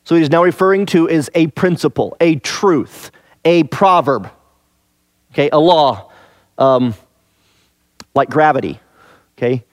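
In a slightly high voice captured cleanly in a studio with no echo, a man teaches a scripture passage verse by verse. He's conversational, leaning on rhetorical questions and repeating important phrases to stress them.

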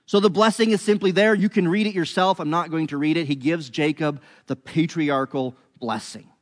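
Man, bible teaching, conversational, raised pitch, long reverb. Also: normal speed. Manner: animated, conversational storytelling.

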